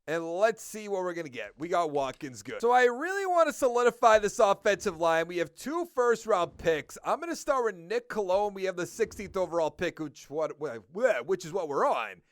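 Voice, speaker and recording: A man with a Boston accent talks through a football video game in casual commentary, reading off stats and contract numbers as he decides. His voice sits high and swings up and down a lot. The sound is close and dry. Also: big pitch swings, moderate pace, few pauses, no echo. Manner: thinking aloud while ticking through stats and numbers. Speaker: gaming video creator.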